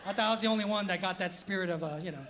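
A man's voice: high-pitched, rapid-fire, fairly bright tone. A man preaching a casual, humorous sermon as pastor, laughing often and acting out quoted voices.

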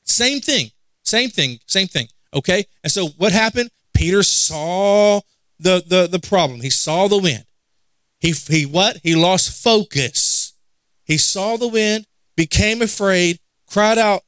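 Guy preaching a sermon, pretty high voice, keeps asking the church questions and repeating himself. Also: lively intonation, measured pace, fairly bright tone, dry recording. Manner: conversational, asks the congregation questions, repeats phrases for emphasis.

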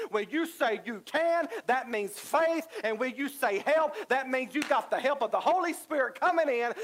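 A man's voice: very high-pitched, a bit bright, low-quality recording. A middle-aged male pastor, preaching a sermon with rising emphasis and repetition.

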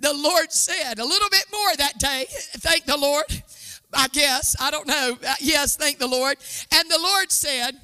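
High bright woman giving her testimony. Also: unhurried. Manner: animated storytelling, exclaiming and laughing. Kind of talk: testimony sermon. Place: church sanctuary before a live audience.

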